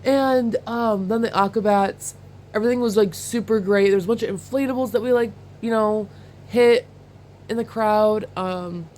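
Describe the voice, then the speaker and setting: A young woman vlogging in a casual chat, talking in an excited, rambling way with lots of "like" and "oh my God.". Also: medium pitch, moderate pace. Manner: chatty and excitable, full of "like" and "oh my God"; bursts into laughter while recounting.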